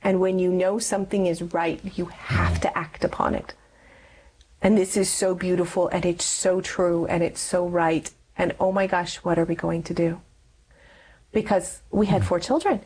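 A woman's voice: fairly low pitch, breathy edge, rough recording. Earnest woman telling a personal story. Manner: earnest storytelling, acts out past dialogue. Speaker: guest. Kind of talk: personal testimony in an interview.

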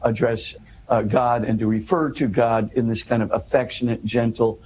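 A man's voice: mid-range voice, little pitch movement, moderate pace, a little mellow, a little hiss or hum, poor audio. A man in an interview, earnestly explaining a scripture passage, often restarting and pushing his voice up for emphasis.

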